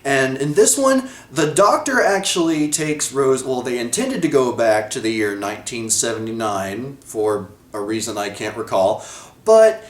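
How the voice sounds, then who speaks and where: A man's voice: medium pitch, animated, unhurried. A man giving a casual video review of a TV episode, rambling, correcting himself and laughing often. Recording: echoey room.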